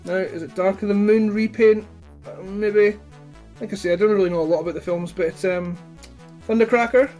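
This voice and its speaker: A man's voice: high voice, steady tone, a little fast, darkish tone, soft background music. A man chatting casually about his toy collection, rambling and blunt with plenty of swearing. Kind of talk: casual chat.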